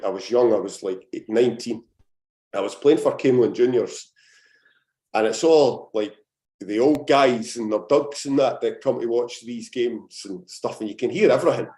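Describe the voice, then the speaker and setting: Brief: young Scottish guy, former player, meandering storyteller, mid pitch, echoey room. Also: dark tone. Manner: rambling anecdotal storytelling, frequent fillers. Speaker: guest, former footballer. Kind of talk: casual podcast chat. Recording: roomy echo.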